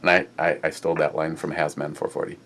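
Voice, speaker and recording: Speaking fast in an extremely low, level voice with a bit of brightness, a beer review podcast host chats casually. He rambles, swears, and leans on many "uh" fillers.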